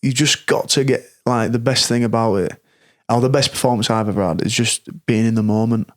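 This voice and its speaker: A man co-hosting a podcast, supportive and quick with short agreements. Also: medium pitch, fairly even intonation, no echo, studio quality. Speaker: podcast co-host. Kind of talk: casual podcast chat.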